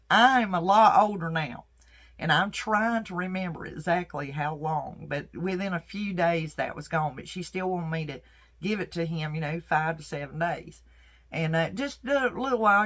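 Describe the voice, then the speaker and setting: A woman's voice: lowish voice, a bit bright. A middle-aged woman herbalist telling a personal story in a folksy, earnest, faith-filled way.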